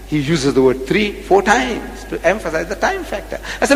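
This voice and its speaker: A man's voice: sits high, very animated, moderate pace, gravelly, hardly any pauses. Male lecturer, rhetorical and repetitive, echoing hall sound. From South Africa. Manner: rhetorical, repeats phrases, questions the audience. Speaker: religious lecturer. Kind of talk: public religious debate lecture.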